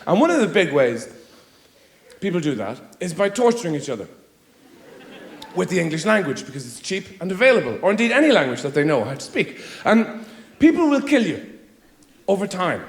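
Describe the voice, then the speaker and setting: Rambling, lively-pitched man doing stand-up. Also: fairly quick, long pauses. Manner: rambling, theatrical, acts out quoted voices. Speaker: stand-up comedian. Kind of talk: stand-up comedy routine. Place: theatre stage before a laughing audience. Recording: roomy live theatre sound.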